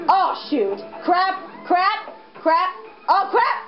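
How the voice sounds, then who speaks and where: A young woman giving excitable let's play commentary, with frequent exclamations. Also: extremely high pitch, slow pace, dull audio, soft background music. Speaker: gamer.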